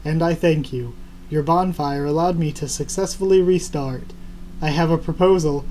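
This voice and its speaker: A man's voice: a little high, normal speed, darkish tone, a little hiss or hum, close to an everyday voice, low-quality recording. A man reading out a stiff male stone golem that talks in formal, clipped machine speech, in a voice close to his own.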